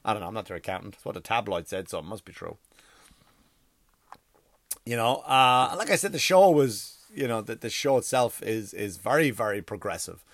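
A man's voice: lowish voice, animated, moderate pace, no echo. A man doing a comedy monologue, rambling and profane, with many "like" and "you know" fillers, from a workspace. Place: workspace across from a school.

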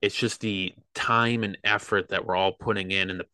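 Earnest young man, bright close voice. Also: low-pitched, steady tone, normal speed, clear, resonant tone, no room sound. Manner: rambling, earnest, many fillers. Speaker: podcast guest, athlete. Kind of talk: casual podcast chat.

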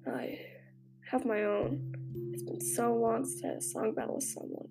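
A woman voicing a grief-stricken young man with fire powers, speaking quietly and often in a whisper. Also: fairly high pitch, big pitch swings, normal speed, creaky, music in the background. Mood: grieving.

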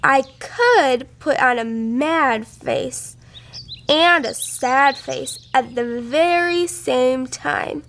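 A woman's voice: extremely slow, creaky, slight background noise, full character voice. A woman doing a chirpy, cheerful little girl. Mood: eager. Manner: bright, eager, high-pitched. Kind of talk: storybook read-aloud.

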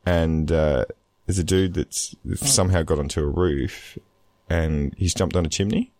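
A man's voice: steady tone, a little slow, darkish tone, no room sound. A man co-hosting a casual gaming podcast, telling stories with frequent laughter and restarts. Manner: laughing storyteller, lots of restarts, giggly high bursts. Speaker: podcast co-host.

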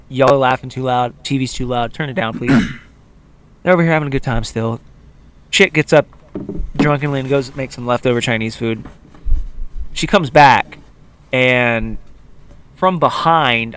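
Young guy on a podcast telling a story, does everyone's voices, mid pitch, chatty. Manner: animated, acts out quotes of others. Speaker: podcast co-host. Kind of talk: casual storytelling chat.

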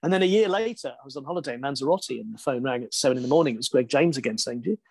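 A man's voice: medium pitch, racing, husky, no echo. Man telling a story with laughs. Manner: lively, self-deprecating, laughs often. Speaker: guest, sports broadcaster. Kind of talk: anecdotal storytelling in an interview.

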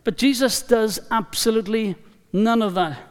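A man preaching a sermon in a church, emphatic and deliberate, repeating key phrases for weight. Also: high-pitched, smooth. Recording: long reverb of a large hall.

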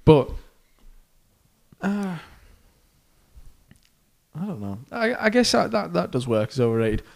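A young man chats casually on a podcast, his pitch swinging widely as he tells stories. He laughs often and talks like a mate. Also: takes it slowly, creaky. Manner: animated storyteller, laughs often. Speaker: podcast co-host, pilot. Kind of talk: casual chat.

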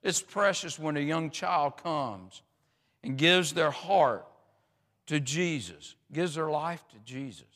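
A man's voice: fairly high pitch, lively intonation, slow, fairly bright tone, long reverb tail. A man preaching a sermon in a folksy, rambling way, with many restarts and fillers.

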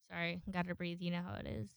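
Woman, podcast host, casual solo chat, rambling, swears a lot, smooth clear voice, dry close sound. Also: fairly low pitch, dry recording. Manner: rambling, swears freely, acts out quoted people.

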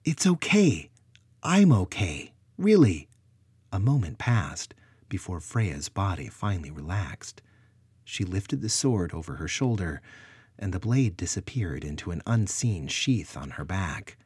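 A man narrates a story with expressive, varied delivery. His voice is low and husky, and he reads slowly. The sound is dry and close to the mic. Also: no echo. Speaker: audiobook narrator. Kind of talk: scripted narration.

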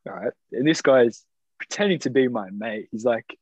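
A young man with an Australian accent, co-hosting a casual podcast and telling stories in an animated, jokey, swearing way. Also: mid-range voice, moderate pace, husky, no room sound, highs cut off. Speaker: podcast co-host. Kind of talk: casual chat.

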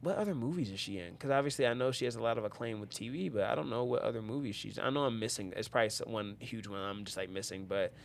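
A man's voice: fairly low pitch, fast, gravelly, few pauses, a little hiss or hum. A man hosting a podcast in casual chat, rambling with many fillers and restarts. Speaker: podcast host.

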